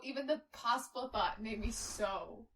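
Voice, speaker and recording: Woman cohost, high voice, kinda far from the mic, soft sympathetic chat. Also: moderate pace. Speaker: podcast co-host. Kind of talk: casual true-crime chat. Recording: voice a bit distant from the mic.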